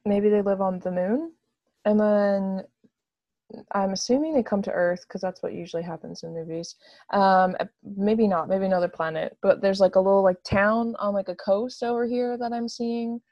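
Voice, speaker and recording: A woman's voice: mid-range voice, normal speed, no echo, muffled recording. A woman chatting casually and gushing enthusiastically, with lots of "like" fillers. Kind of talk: casual chat.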